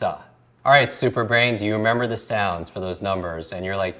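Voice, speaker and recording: A man with a slightly low voice teaches a memory lesson in a coaching tone. He drills each letter sound aloud, repeats it and asks the listener to say it along with him. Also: animated, a little fast, a bit bright. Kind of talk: recorded lesson.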